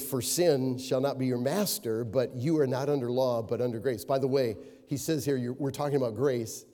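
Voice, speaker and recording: A middle-aged pastor with a warm, medium-pitched voice preaches a sermon in a church sanctuary. He hammers key words through repetition and breaks into anecdotes with a chuckle. The recording carries the long reverb of a large hall.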